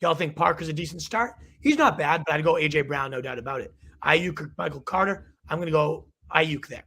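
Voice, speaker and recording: Young male host, rapid-fire calls, bright husky voice with gravelly fry, going hoarse. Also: fairly high pitch. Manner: energetic, quick verdicts. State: losing his voice. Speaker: fantasy football show host. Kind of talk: rapid-fire live advice show.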